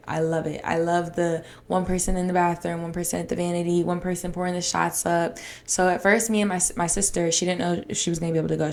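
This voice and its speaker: A woman with a low, gravelly voice hosts her own podcast. She tells stories in a chatty, dramatic way and keeps calling her listeners y'all. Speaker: podcast host. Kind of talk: casual solo podcast storytelling.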